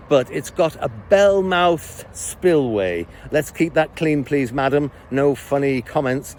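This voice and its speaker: A man's voice: mid-range voice, darkish tone, slight background noise. An Englishman with a jokey, rambling manner, chatting to viewers on a walking tour through a town park, recorded on a handheld camera while walking.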